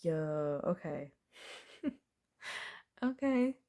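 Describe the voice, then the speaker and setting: A woman's voice: low-pitched, big pitch swings, extremely slow, dark tone. Chatty woman reading tarot cards. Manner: chatty, thinks aloud, laughs and curses lightly. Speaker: tarot reader. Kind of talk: casual pick-a-pile tarot reading.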